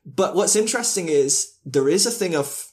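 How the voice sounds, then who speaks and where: A man's voice: fairly high pitch, expressive, moderate pace. A man hosting a podcast, talking casually and self-deprecatingly, with many fillers and restarts. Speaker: podcast host. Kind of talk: casual conversation.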